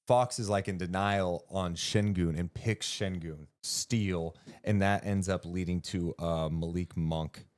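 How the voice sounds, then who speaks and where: A man co-hosting a basketball podcast, talking through a game in animated, casual chat. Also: sits low, a little slow, hardly any pauses. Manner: animated, swings up when excited, swears casually.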